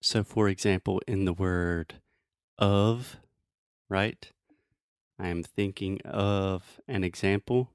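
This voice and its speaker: A man with a fairly low voice teaches English pronunciation in a relaxed, joking way. He slows down to give example after example. The sound is dry and close. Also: smooth, dry recording. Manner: playful, explains slowly with examples. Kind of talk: casual pronunciation lesson.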